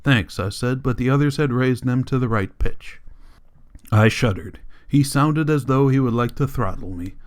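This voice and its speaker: A man reads a novel aloud as an audiobook narrator. He keeps a steady, measured pace through the story. His voice sits at a typical male pitch. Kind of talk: scripted narration.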